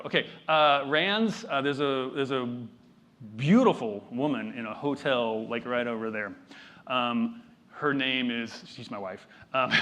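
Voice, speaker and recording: A male keynote speaker talks to a live conference audience in a loose, unscripted-sounding manner. He mocks himself and drops playful asides, and his voice sits at an ordinary middle pitch. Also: a bit bright. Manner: conversational and self-deprecating, with joking asides.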